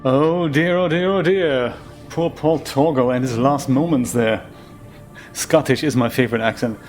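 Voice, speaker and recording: A man's voice: mid-range voice, unhurried, darkish tone, soft background music. A man giving casual, rambling commentary while playing a game, chatting freely and laughing easily. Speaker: game streamer.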